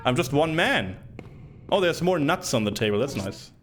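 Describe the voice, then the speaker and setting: A man's voice: on the high side, very animated, normal speed, a little hiss or hum. A man streaming a retro game, reading the on-screen text aloud and cracking joking asides in casual commentary.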